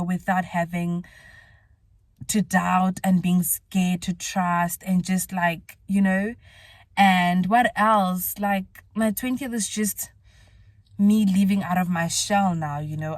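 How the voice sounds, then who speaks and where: A woman's voice: fairly low pitch, a little mellow, no room sound. A twenty-year-old woman, vlogging to camera in a candid, reflective way with filler words. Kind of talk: talking to camera in a vlog.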